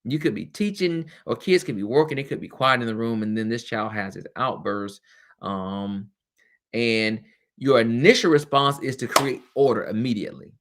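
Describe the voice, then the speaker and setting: A man's voice: mid-range voice, moderate pace. A man hosting a webcast as a former teacher, talking candidly and casually, with frequent laughs and chatty asides.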